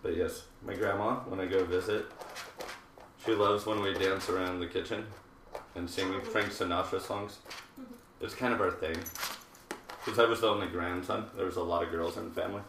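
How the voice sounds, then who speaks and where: A man's voice: low voice, fairly even intonation, moderate pace, long pauses, background noise. A man in his thirties, a hairdresser hosting a live haircutting show, chatting casually and rambling with jokey asides while he works. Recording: roomy, distant live-stream audio.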